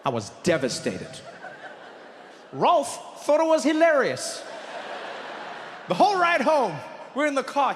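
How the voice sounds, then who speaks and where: A male comedian telling a stand-up story in an animated way, acting out the people in it. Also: very high voice, slow, long pauses, big-room sound, a little hiss or hum. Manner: animated, acts out characters.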